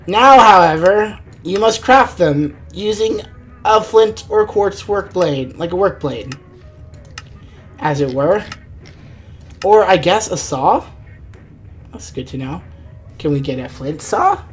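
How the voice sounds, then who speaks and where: Woman streamer, lowish voice, rambling let's-play chatter over faint game music. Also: lively intonation, slow, long pauses. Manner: rambling, thinking aloud, exasperated at the game. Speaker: gaming streamer. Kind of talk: live let's-play commentary.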